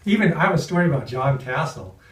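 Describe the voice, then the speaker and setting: A man in an interview, telling stories from a film set with lively energy and acting out the people he quotes. His voice sits at an ordinary pitch. It sounds a bit distant, in a reverberant room. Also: fast. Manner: animated, acts out quoted voices. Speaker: actor interviewed. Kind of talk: anecdotal storytelling. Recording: roomy sound from off-mic.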